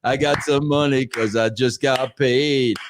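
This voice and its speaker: A man's voice: mid-range voice, steady tone, measured pace, noisy background. A man hosting a live-streamed podcast in a brash, casual way, peppering his talk with "bro". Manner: brash, repeats "bro" a lot. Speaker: podcast host.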